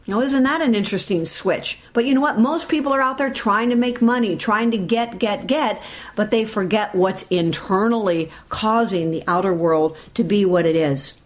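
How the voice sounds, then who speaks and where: A woman giving a motivational talk, speaking directly to her listeners in an animated way. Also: mid-range voice, normal speed.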